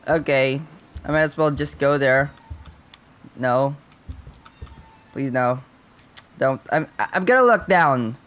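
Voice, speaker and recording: A man's voice: medium pitch, slow, long pauses, fairly bright tone. A young man playing through a horror game, talking nervously to himself, swearing constantly and crying out when startled. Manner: jumpy, swears constantly, nervous self-talk. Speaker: gaming channel host. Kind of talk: horror game let's play commentary.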